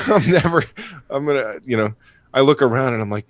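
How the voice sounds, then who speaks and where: Guy co-hosting a podcast, low voice, swears a lot, laughs a lot, dry close sound. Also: fast, no room sound. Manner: profane, laughs often, animated storytelling. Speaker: podcast co-host. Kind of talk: casual chat.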